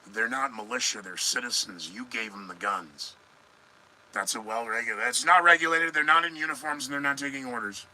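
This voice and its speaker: A middle-aged man runs a live news commentary podcast in a rambling, sarcastic way, breaking off to answer his viewers. His voice has a very bright, sharp edge. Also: medium pitch, brisk, a little hiss or hum, low-quality recording. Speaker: podcast host.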